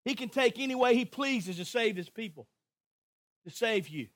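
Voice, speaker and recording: A pastor preaching a sermon with passion, moving from hushed tones to near shouts and repeating phrases rhythmically. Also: male voice, very high voice, expressive, normal speed, no room sound. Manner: repetitive, rhythmic emphasis.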